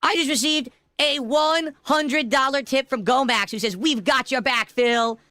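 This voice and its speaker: A man's voice: extremely high pitch, measured pace, pushed and bright, a little hiss or hum. A man ranting heatedly on a livestream, profane and threatening. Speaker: streamer. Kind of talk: angry livestream rant.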